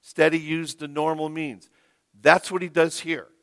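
Slow emphatic preacher guy, fairly high bright voice, church echo trailing off. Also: little pitch movement, gravelly. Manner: slow, emphatic preaching with rising, loud stresses. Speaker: pastor. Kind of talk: sermon. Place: church sanctuary. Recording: long reverb of a church hall.

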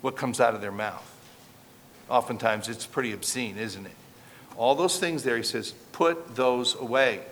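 A pastor delivering a sermon, preaching earnestly and emphatically and asking the congregation rhetorical questions. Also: male voice, mid-range voice, fairly bright tone. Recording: long reverb, faint background ambience.

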